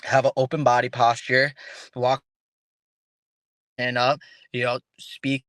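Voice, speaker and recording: Taking it slowly in a mid-range voice, a man guesting on an interview podcast talks casually and animatedly. He often restarts what he's saying and imitates the people he quotes, and there's no echo.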